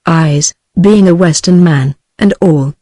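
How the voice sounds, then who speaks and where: A woman's voice: low voice, slow, warm tone, no room sound. A synthetic woman's voice with a British English accent, reading the lines of an eager, chatty rich young woman.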